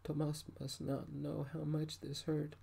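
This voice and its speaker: A man narrating an audiobook in a soft-spoken ASMR style, with a gentle, intimate, emotional first-person delivery. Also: a little high, monotone, measured pace, creaky, husky.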